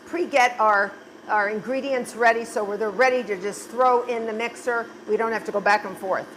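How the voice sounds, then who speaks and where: A woman's voice: fairly high pitch, a bit bright, slight background noise. A middle-aged woman teaching a baking recipe in her kitchen, chatty and gushing with enthusiasm as she explains each step. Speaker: baking instructor. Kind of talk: home baking tutorial.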